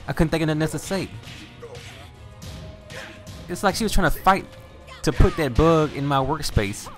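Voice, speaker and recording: A Louisiana man with a Southern American accent hosts a gaming video, casually spinning profane, easygoing stories as he plays. His voice is mid-range and a bit bright.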